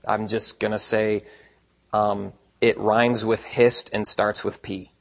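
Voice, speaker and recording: A man preaching a sermon in a conversational way, asking rhetorical questions and swinging between quiet asides and emphatic points. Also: fairly low pitch, level tone, takes it slowly, vocal fry. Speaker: pastor.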